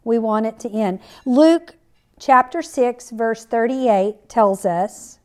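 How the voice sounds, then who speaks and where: Speaking at a slow pace in a slightly high voice, this middle-aged podcast host earnestly recounts a personal story and cites scripture on her faith-based show.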